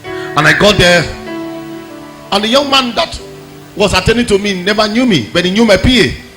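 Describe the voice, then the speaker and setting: A man preaching a sermon, telling personal stories that swing from quiet asides to shouted exhortation. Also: sits high, expressive, moderate pace, soft background music. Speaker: pastor.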